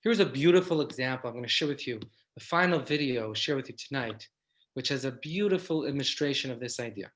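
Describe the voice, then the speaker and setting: A man's voice: medium pitch, brisk, a bit bright. A man, a rabbi, giving an inspirational lecture, reflective and repeating key lines for emphasis.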